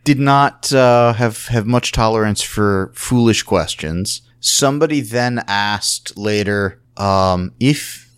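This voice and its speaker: A man hosting a podcast, casually recapping a convention panel in an animated storytelling way. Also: fairly low pitch, takes it slowly, hardly any pauses, smooth. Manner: animated storytelling, acts out quotes. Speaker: podcast host.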